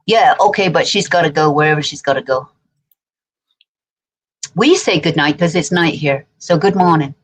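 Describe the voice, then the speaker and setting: A woman with a somewhat low voice co-hosts a casual livestream. She talks playfully and drifts into anecdotes, teasing her co-host along the way. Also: moderate pace, long pauses, slightly rough, rough recording. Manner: playful, chatty, tells anecdotes.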